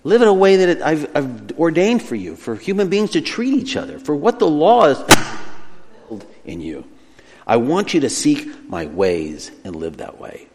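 A man preaching a sermon, emphatic and lively, dropping soft and slow on key phrases. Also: fairly high pitch, a little hiss or hum. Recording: long hall reverb.

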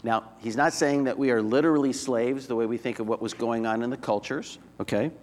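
A man's voice: medium pitch, fairly even intonation, fairly quick, darkish tone. A man preaching a sermon, teaching conversationally and posing rhetorical questions to the congregation. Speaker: pastor. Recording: long hall reverb.

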